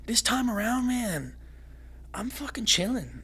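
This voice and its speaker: A young man from Canada, a fighter guest on a podcast, talking fast and excitedly and swearing freely. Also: high-pitched. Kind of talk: casual podcast conversation.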